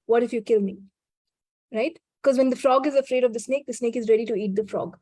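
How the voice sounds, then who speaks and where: A woman guest in a casual conversation, speaking reflectively with frequent restarts and soft laughs. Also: on the high side, no room sound.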